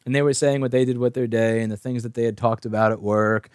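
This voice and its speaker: A man's voice: medium pitch, fairly even intonation, fast, a little mellow, clean tone, no echo, studio quality. A man hosting his own channel, telling an anecdote in a casual monologue with wry, rambling restarts. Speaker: channel host.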